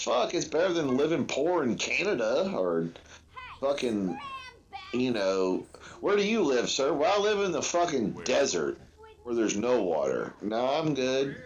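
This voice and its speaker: A man's voice: medium pitch, lo-fi sound, a little hiss or hum. Rambling, foul-mouthed male stream host. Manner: rambling and profane, with frequent fillers. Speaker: livestream host. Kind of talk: casual watch-along chat.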